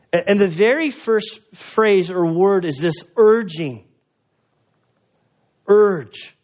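A man with a high-pitched voice preaches a verse-by-verse sermon to his congregation. He talks conversationally and leans hard on key words, dropping in self-deprecating asides. The recording is muffled and lo-fi. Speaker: pastor. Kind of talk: expository sermon. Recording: dull lo-fi sound.

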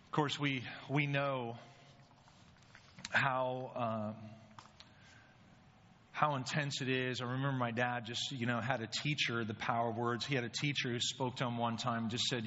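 Recorded in a reverberant hall with dull, lo-fi sound, this preacher speaks conversationally and keeps asking rhetorical questions. His medium-pitched voice is steady, pushed and bright, at a moderate pace broken by long pauses.

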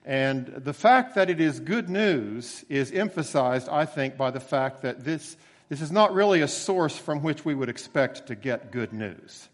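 A man's voice: medium pitch, expressive. Preacher man in a reverberant hall. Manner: conversational storytelling with emphatic slowed phrases. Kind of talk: sermon.

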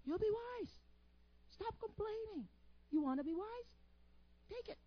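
Animated high-voiced woman preacher. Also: measured pace, no echo, highs cut off. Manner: animated, quizzes the congregation for missing words; playful, teasing asides. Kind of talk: sermon.

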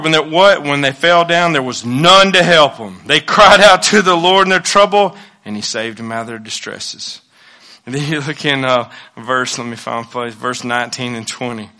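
A male pastor preaching a sermon with passion, moving between loud declarations and hushed asides and repeating his phrases. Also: mid-range voice.

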